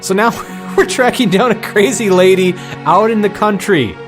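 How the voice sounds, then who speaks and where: A man's voice: high voice, normal speed, music in the background. A man casually commenting on a game as he plays, tossing out jokes and asides. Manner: joking asides, laughs at himself. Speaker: gamer playing and reacting to a game. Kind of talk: let's-play commentary.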